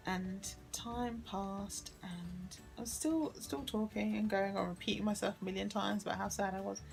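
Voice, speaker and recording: Weary, gravelly woman vlogger. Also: medium pitch, steady tone, moderate pace, hardly any pauses, soft background music. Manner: weary, emotional recounting with sighs and self-correction. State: tired. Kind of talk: tearful personal storytelling vlog.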